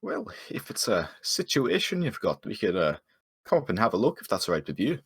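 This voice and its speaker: A man voicing a friendly male adventurer who speaks low and reassuringly. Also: wildly swooping pitch, a little fast, gravelly, husky, no room sound, studio quality, exaggerated voice. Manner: reassuring, soft-spoken.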